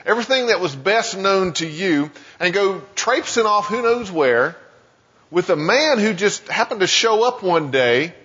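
A man delivers a sermon with an animated, swooping voice that turns his congregation's doubts into questions. His tone is somewhat breathy and husky. The recording is muffled and lo-fi, carrying the long echo of a large hall. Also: sits high. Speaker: pastor. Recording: dull sound with long hall reverb.

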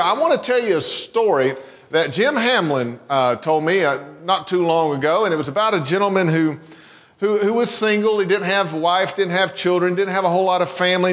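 High-voiced pastor in a reverberant hall. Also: male voice, a bit bright. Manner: conversational, folksy storytelling with many restarts. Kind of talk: sermon with a told joke. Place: church sanctuary.

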